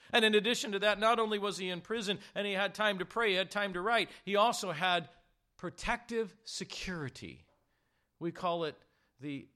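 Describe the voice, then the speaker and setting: Bright, animated preaching man. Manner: animated, rhetorical questions to the congregation; slows and drops low to stress key words. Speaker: pastor. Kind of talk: sermon.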